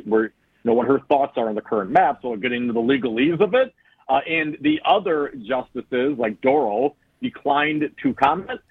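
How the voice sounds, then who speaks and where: Husky-voiced good-humored radio host man. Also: medium pitch, no room sound. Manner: good-humored, laughs easily, stumbles over restarts. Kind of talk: talk radio banter. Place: radio studio. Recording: slightly muffled radio broadcast with faint music.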